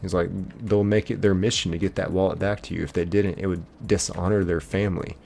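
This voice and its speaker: A man's voice: sits low, steady tone, fairly quick, gravelly, a little mellow, faint music behind. An American man hosting a livestream, reading out viewer comments and answering them in a rambling, casual way with many fillers. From United States. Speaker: livestream host.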